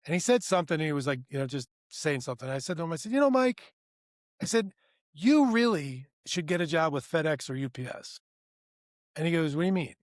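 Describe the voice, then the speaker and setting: A man co-hosting a podcast, telling a workplace story in a rambling, animated way. He acts out both sides of the conversation and keeps saying "right?" and "I go". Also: a little high, quick pace, no room sound, studio quality. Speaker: podcast co-host. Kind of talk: casual storytelling.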